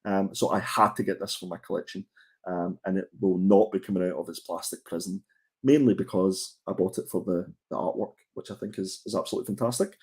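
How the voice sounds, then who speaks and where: A man with a low voice, slightly quick delivery, and breathy edge co-hosts a comics livestream. He chats casually, rambling and joking with frequent fillers and restarts.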